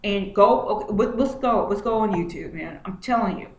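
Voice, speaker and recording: A woman's voice: mid-range voice, moderate pace. A woman vlogging from home at her computer, talking through what is on her screen in an agitated way and repeating herself often. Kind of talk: screen-share commentary. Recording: roomy echo, faint noise.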